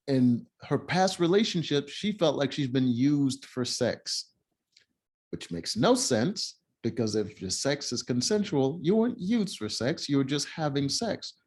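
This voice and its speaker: A man's voice: medium pitch, a little mellow. A man giving casual, opinionated commentary while reviewing a reality show, blunt and mocking.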